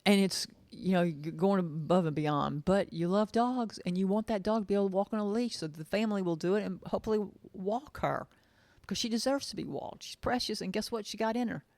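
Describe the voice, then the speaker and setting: A woman's voice: mid-range voice, brisk, a little mellow, dry recording. A woman pet sitter talking casually, folksy and chatty, often repeating herself for emphasis. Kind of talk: casual storytelling monologue.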